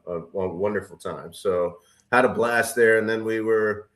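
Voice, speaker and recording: A man's voice: on the low side, moderate pace, a bit bright. A middle-aged man co-hosting a casual podcast chat, rambling with lots of fillers and restarts. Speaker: podcast co-host.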